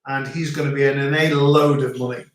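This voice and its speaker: A middle-aged man with a Northern English accent chats at an easy, rambling pace, repeating words as he goes. His voice is mid-pitched. The sound bounces around a very echoey room. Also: little pitch movement, a little fast, a crowd in the background. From England. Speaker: host. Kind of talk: casual live-stream chat. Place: family home in rural France.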